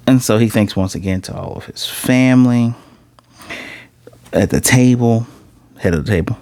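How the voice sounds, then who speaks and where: A man casually recapping and reviewing an anime episode, animated, slipping into quoted dialogue as he retells scenes. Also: mid-range voice, moderate pace, pauses often, dry recording.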